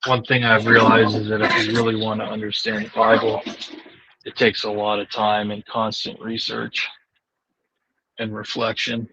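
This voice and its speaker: A man talking earnestly and apologetically in a casual live stream chat, in a measured way. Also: on the low side, monotone, bright, forceful tone, a little hiss or hum. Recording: dull lo-fi stream audio.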